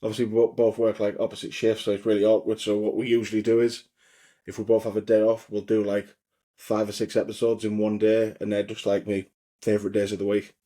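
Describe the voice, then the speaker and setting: A man's voice: fairly low pitch, completely flat delivery, quick pace, warm tone. A man, a podcast guest talking casually and hedging with "I mean" and "like I said". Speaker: podcast guest and co-host of another show. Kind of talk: casual interview chat.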